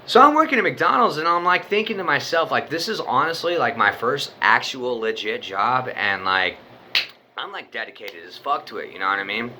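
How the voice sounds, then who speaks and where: Bright, profane young man telling a story. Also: mid-range voice, lively intonation, moderate pace, a little hiss or hum. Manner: rambling, profane, full of "like" and "you know". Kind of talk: casual spoken storytelling.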